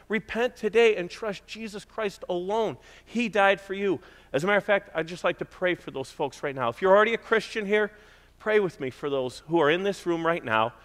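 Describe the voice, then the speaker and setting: A middle-aged male pastor preaching a sermon in a church sanctuary, earnest and exhorting, sometimes dropping to a hushed, prayerful tone. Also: on the high side. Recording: long reverb of a church hall.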